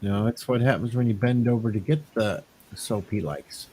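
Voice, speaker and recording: A man's voice: lowish voice, normal speed, mellow, a little hiss or hum. A man co-hosting a live stream, teasing the host and reading out viewer comments. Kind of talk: casual chat.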